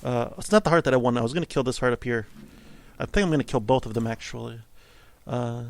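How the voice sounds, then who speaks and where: A man's voice: medium pitch, fast talker, creaky. A man casually commenting on his own gameplay, thinking aloud and rambling with a self-amused tone. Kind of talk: casual let's-play commentary.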